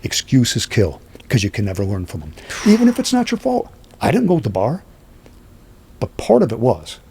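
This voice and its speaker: A man who is a podcast guest, telling stories in a lively way and acting out what people said. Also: mid-range voice, moderate pace, vocal fry, a little hiss or hum. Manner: lively, acts out quoted speech. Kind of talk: animated storytelling.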